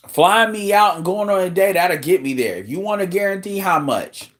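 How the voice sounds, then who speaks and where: A man's voice: sits high, animated, moderate pace, hardly any pauses. A man hosting a show, delivering a blunt, profane, incredulous rant in casual talk.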